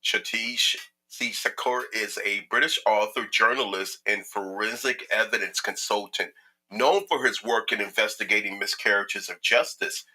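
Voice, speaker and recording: Chicago guy hosting his show, low-ish voice with a really sharp bright edge, jokey and rambling. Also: moderate pace, low-quality recording. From Chicago, United States. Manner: joking, chatty, lots of filler words. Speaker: talk show host. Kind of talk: casual interview introduction.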